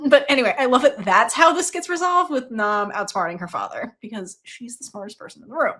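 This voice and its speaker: Lively, laughing woman reviewing a book. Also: high-pitched, moderate pace. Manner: laughs often, animated retelling with quoted dialogue; swears casually. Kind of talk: casual book review chat.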